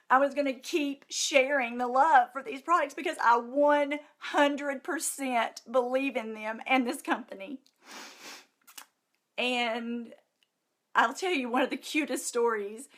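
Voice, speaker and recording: A woman's voice: fairly high pitch, fairly bright tone. A middle-aged woman, talking straight to the camera in an emotional, gushing testimonial, close to tears and repeating herself for emphasis. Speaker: vlogger.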